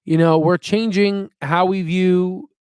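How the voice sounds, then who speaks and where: A man's voice: sits high, fairly even intonation, takes it slowly, a little mellow, clean tone, no echo, studio quality. A young man hosting a casual investing livestream, rambling and upbeat as he reads out viewer chat. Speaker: stock investing channel host.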